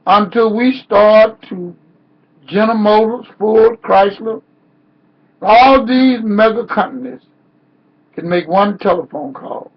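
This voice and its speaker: A man giving an impassioned protest speech with a preacher-like cadence that rises into cries, heard on a dull lo-fi recording. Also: sits high. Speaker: activist speaker. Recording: dull lo-fi sound.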